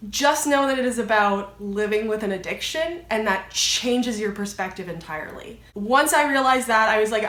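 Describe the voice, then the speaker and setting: A young woman rambles through a casual movie review, leaning on plenty of filler words as she goes. Her voice sits a little high for a woman. The room around her rings with a noticeable echo. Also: pushed and bright. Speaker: vlogger. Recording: echoey room.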